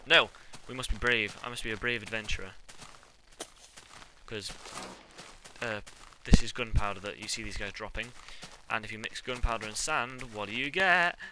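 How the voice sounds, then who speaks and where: A man's voice: on the low side, moderate pace. Young man, jokey gaming commentary. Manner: jokey, panics and yells when chased. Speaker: let's play gamer. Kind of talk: game commentary. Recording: loud background noise.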